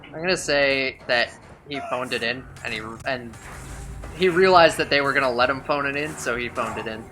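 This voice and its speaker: A man's voice: mid-range voice, normal speed, bright, forceful tone, slight background noise. A man giving casual gameplay commentary during a speedrun, chatty, sarcastic and rambling.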